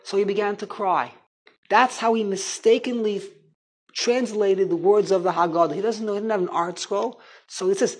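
Husky-voiced rabbi, rambling animated storyteller, Torah class. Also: male voice, high-pitched, moderate pace, low-quality recording. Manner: rambling, animated storytelling with Hebrew and Yiddish terms.

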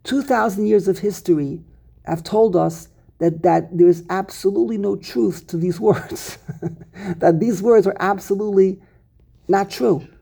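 Gravelly guy leading a torah study group, punches key words hard. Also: high voice, unhurried. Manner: emphatic, animated, repeats words for stress. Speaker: Torah class teacher. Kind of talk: Talmudic-style text study class.

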